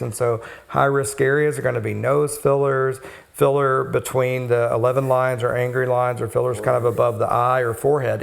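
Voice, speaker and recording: Co-hosting an educational podcast, this man, who works as a cosmetic injector, explains at a steady pace and pauses often. He speaks in a mid-range voice with noticeable vocal fry.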